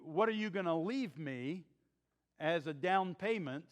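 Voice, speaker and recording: A man's voice: on the high side, expressive, unhurried. A man playing a shrewd young widow. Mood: bargaining. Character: shrewd young widow woman, bold and clever.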